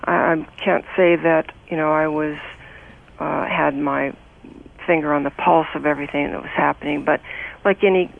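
A woman's voice: low voice, steady tone, normal speed, gravelly. An older woman from the United States, a guest recalling her past in an earnest, emotional way, speaking over a phone line. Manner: earnest and emotional, with many restarts. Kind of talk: interview, personal recollection.

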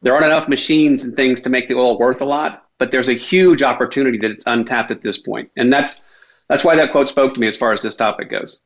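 A man in his forties speaking as a panel guest in a measured, explanatory way. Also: mid-range voice, fairly even intonation. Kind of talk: discussion talk. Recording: dull lo-fi sound.

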